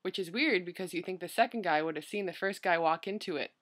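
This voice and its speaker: A woman's voice: lowish voice, fast, fairly bright tone. A young woman vlogger chatting casually as she answers questions, rambling and filling her talk with "like" and "you know".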